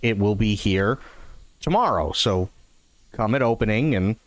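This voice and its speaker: A man voicing a patient male grocery clerk in a joke, dropping into a lower, overly polite voice. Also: expressive, a little slow, no echo.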